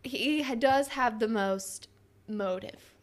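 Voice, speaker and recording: Young female co-host, bubbly and chatty, a bit high-pitched, casual recap talk. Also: takes it slowly. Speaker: podcast co-host. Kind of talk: casual chat recapping a TV episode.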